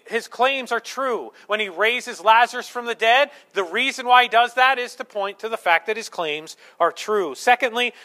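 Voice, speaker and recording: Male preacher, higher-pitched, earnest, teaching verse by verse from the pulpit. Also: bright, forceful tone. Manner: earnest, teaching through scripture point by point. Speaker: pastor. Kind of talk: sermon.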